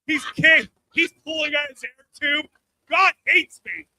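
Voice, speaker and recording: A man's voice: very high-pitched, fairly even intonation, unhurried, vocal fry, sharp tone, dry recording, soft background music, rough recording. A man doing a stand-up comedy set on a live stage mic, brash and crude, often checking in with the crowd. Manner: brash, crude punchlines, keeps checking in with "all right?".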